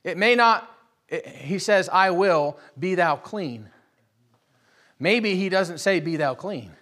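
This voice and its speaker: A high-voiced young male preacher delivers a sermon to his congregation, drifting from soft, conversational storytelling into rising, fervent calls. His pitch sits well above most men's. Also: animated, slow pace. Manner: swings from quiet storytelling to loud impassioned preaching. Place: church hall with live congregation.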